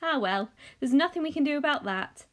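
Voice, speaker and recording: A woman voicing a brisk, cheerful, eccentric grown man who makes chocolate, reading him from a children's novel. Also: sits high, lively intonation, voice pushed up.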